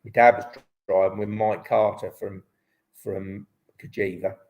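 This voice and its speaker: A man's voice: lowish voice, level tone, measured pace, a little mellow, low-quality recording. A man in his fifties, a former motocross champion, telling stories as a guest in a live online interview in a rambling way full of restarts. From Britain. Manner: rambling, restarts often, lots of "um" and "like".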